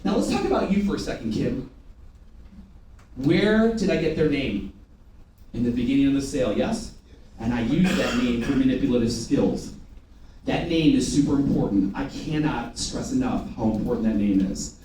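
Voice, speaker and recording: A man's voice: medium pitch, normal speed. Guy running a sales training for a live crowd, jokey and pumped, sounds far from the mic with faint room hum. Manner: energetic call-and-response drilling; joking, teasing the audience. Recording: very echoey room, mic at a distance.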